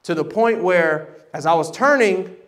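A man preaching a sermon, animated and dramatic, acting out voices and swinging from loud bursts to hushed tones. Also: sits high, unhurried. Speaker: pastor. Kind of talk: sermon storytelling. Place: church service.

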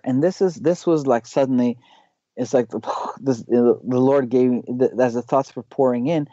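A man talks through a map on screen, often stopping to restart his sentences and pausing on fillers. His voice is mellow and dark and sits dry and close. The sound is a bit dull and lo-fi. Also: mid-range voice, dry recording. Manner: halting, many restarts and fillers. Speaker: regular guest teacher.

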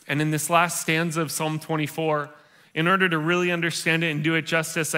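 A man's voice: fairly high pitch, pushed and bright. A man preaching a sermon at a church service in a conversational, playful way, acting out the thoughts of his listeners. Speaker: pastor.

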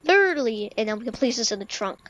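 A woman's voice: fairly high pitch, sing-song, quick pace, fairly bright tone, slight background noise, poor audio. A young woman giving casual let's-play commentary, rambling and stammering with many fillers into a desk mic. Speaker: gaming YouTuber. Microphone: desk microphone.

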